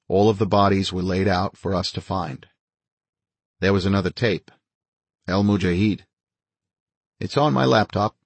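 Man doing a calm commander, soft-spoken, measured, deep, husky. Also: no echo, full character voice. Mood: grim. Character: calm, quietly menacing male commander.

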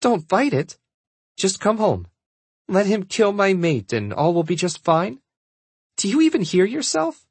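A man voicing a defiant young shifter princess in an audiobook, talking firmly with a husky voice. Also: a little high, lively intonation, moderate pace, pauses often, dry recording. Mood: incredulous. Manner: firm, defiant, rising to outrage. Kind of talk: audiobook character voice.

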